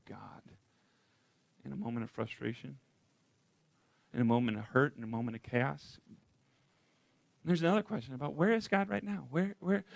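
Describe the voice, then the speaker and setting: High-voiced pastor asking questions. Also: male voice, vocal fry, a bit bright, dry recording. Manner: conversational, asks repeated rhetorical questions. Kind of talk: sermon. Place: church.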